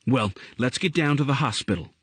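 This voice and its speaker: A man reading aloud voices a brisk, practical adult mother who speaks in a hurry. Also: medium pitch, expressive, breathy edge, dry recording, pitched above the performer's own voice. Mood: hurried.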